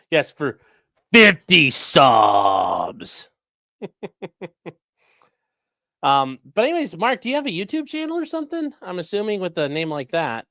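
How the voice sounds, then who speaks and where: A man hosting a livestream, commenting in a casual, jokey way, talking to chat and breaking into mock voices and sudden yells. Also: high-pitched, sing-song, brisk, dry recording, clean studio sound. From grew up in a rural area. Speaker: livestream host reacting to a trial.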